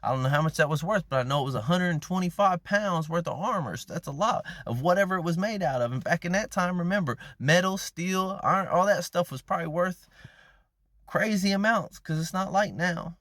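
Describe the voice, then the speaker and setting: A man's voice: high voice, a little fast, a bit bright, dry recording. A man giving a casual, slangy sermon, retelling a Bible story and acting out the characters' lines. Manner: conversational, slangy, acts out quoted characters. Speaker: preacher.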